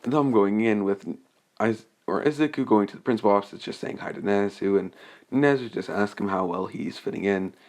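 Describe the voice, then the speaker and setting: Young man, low-ish voice, unscripted fan story recap, hesitant, rambling delivery. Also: a little fast, darkish tone. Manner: rambling and hesitant, many restarts and fillers.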